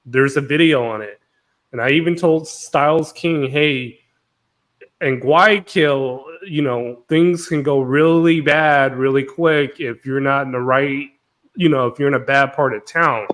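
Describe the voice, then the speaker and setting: A man hosting a live-stream panel discussion, talking in an animated way that often cuts in and repeats words. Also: medium pitch, measured pace. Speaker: panel host.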